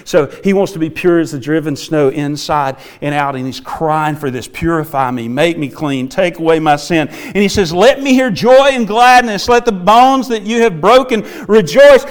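A man preaching an earnest sermon, moving between emphatic and hushed passages, often restarting words. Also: a little high, moderate pace, few pauses. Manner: sings a few hymn lines.

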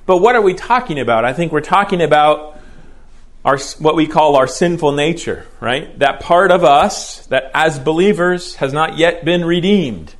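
A man's voice: on the high side, moderate pace. A man teaching a verse-by-verse Bible lecture to a class, explaining patiently and often checking in with "right?", stretching key words for emphasis.

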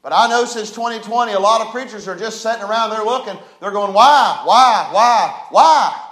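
High-voiced preacher in an echoey church. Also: male voice, fairly even intonation, fast. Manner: preaching with rhetorical questions, swinging from hushed to loud. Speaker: pastor. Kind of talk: sermon. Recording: echoey room.

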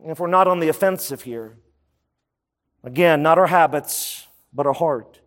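A man preaching a sermon as pastor, animated, with many rhetorical questions. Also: on the high side, a little slow, big-room sound.

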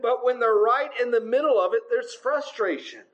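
A man's voice: very high voice, moderate pace, fairly bright tone, highs cut off. A man preaching a sermon in a conversational way, with frequent filler sounds. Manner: conversational, many filler uhs.

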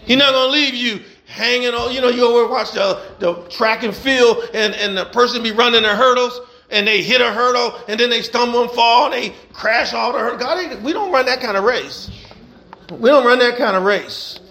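A man's voice: very high-pitched, normal speed, sharp tone. A man preaching a sermon as pastor, emphatic and repetitive.

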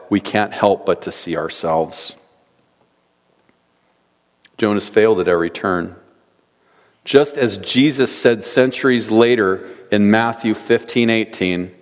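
A man preaching an earnest sermon, reading scripture aloud and asking rhetorical questions. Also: on the low side. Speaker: pastor. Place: church sanctuary. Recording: long church hall reverb.

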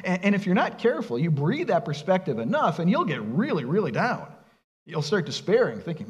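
A male pastor preaching a sermon in a conversational, animated way, asking his listeners rhetorical questions and speaking casually with them. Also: sits high, a little fast. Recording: long reverb of a large hall.

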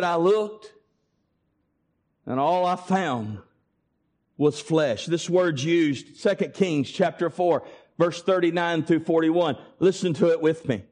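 Slow, high-voiced preacher. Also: male voice, darkish tone. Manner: slow, emphatic preaching with dramatic pauses. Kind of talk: sermon.

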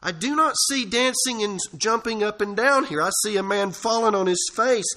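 Pastor, male, bright high voice, earnest sermon delivery with emphatic swells. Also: moderate pace. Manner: earnest preaching, rising to emphatic peaks. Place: church.

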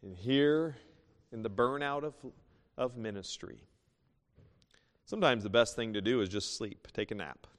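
A man pastor preaching a sermon, moving between loud emphatic bursts and soft hushed asides. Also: medium pitch, unhurried, long pauses. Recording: long hall reverb.

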